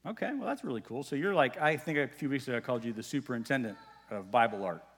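A man's voice: medium pitch, animated, fast, fairly bright tone, husky. A male pastor giving a sermon in a conversational, folksy way, with casual asides to the congregation. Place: church sanctuary. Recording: long reverb of a church hall.

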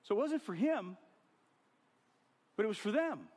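Guy preaching a sermon, kinda high voice, gets loud and animated, long echo from the church hall. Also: unhurried, slightly rough. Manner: animated, acts out scenes with big swings in loudness. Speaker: pastor.

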